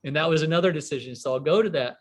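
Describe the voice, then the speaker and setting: A man in his forties, from a small town in the American Midwest, speaks as an interview guest. His voice sits a little high for a man. He tells his story in a casual, rambling way, full of fillers, restarts and animated quoted dialogue. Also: rapid-fire. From US Midwest, small town near Chicago. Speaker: guest entrepreneur.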